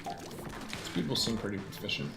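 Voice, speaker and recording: A man's voice: on the low side, animated, normal speed, gravelly. Laid-back man in an echoey room. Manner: laid-back, idly chatty. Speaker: game streamer. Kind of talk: casual gaming chat. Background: game music.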